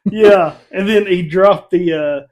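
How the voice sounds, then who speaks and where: Animated man chatting about a show. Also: high voice, slow. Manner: animated, laughing, retells scenes. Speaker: reviewer, channel host. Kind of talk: casual chat.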